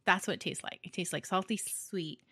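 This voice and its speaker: Co-hosting a casual podcast chat, a woman from Hawaii speaks freely and chattily, laughing frequently and letting sentences trail off into fillers. Her voice is fairly low and fairly bright, moving fairly quickly, in a dry recording.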